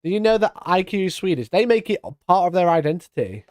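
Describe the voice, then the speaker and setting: A British man hosting a casual live stream, chatty and mock-indignant, talking into a boom-arm mic. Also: big pitch swings, fast, a little mellow, dry recording, clean studio sound. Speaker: streamer host. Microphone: studio mic on boom arm.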